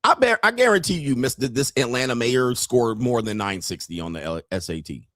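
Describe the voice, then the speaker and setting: A man's voice: medium pitch, brisk, no echo. A man talks over clips on his live stream, teasing and laughing as he goes. His voice sits in the middle range and the sound is dry and close, with no room around it. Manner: mocking, animated, laughs often. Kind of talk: casual reaction commentary.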